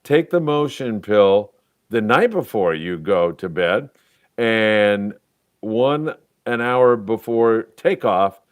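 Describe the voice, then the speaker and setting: A man's voice: on the low side, expressive, slow pace, dry recording. A man in his sixties hosting a casual fishing talk show, telling stories and reading viewer comments. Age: 60s. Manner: storytelling, jokey, reads viewer comments aloud. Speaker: host. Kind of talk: casual chat.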